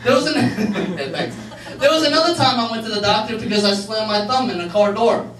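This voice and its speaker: A man giving a church message as an animated storyteller, often laughing between lines. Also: high-pitched, fairly quick. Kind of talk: storytelling sermon. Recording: echoey room, mic far off.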